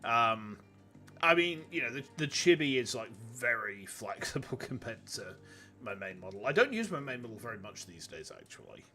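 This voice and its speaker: A man's voice: medium pitch, very animated, normal speed, bright, forceful tone, soft background music. A man with a Yorkshire accent chatting casually on a game stream, tired and rambling. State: tired, with a cold.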